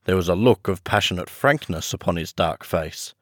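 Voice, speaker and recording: Low-voiced man reading an audiobook. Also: a bit bright, no echo, clean studio sound. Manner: measured storytelling, friendly chatty outro. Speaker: audiobook podcast host. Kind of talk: audiobook narration.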